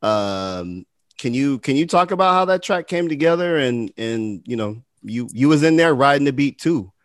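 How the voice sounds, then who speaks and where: A man's voice: medium pitch, expressive, normal speed, no echo, studio quality. A man hosting an interview, asking questions in a loose, stumbling way and repeating words. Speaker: interviewer host. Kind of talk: conversational interview.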